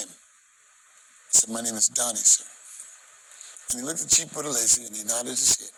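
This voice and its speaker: Animated man telling a story, noisy recording. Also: medium pitch, normal speed, pauses often. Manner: dramatic, acts out voices and shouts. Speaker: gospel singer telling a story.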